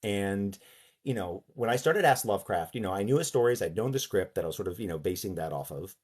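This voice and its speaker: Husky, animated man giving a lecture. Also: on the low side. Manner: animated, halting, slips into character voices. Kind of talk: casual online lecture.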